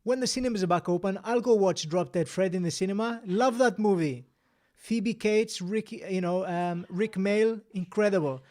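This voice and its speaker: A man's voice: sits high, moderate pace, darkish tone. A man hosting a casual live-stream quiz, chatting, reading out answers and scores, and laughing often. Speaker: quiz host.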